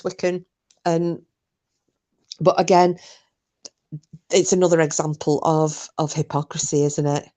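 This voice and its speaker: A livestream host chats live with her viewers, talking bluntly and casually and swearing freely. She has a lowish, warm voice.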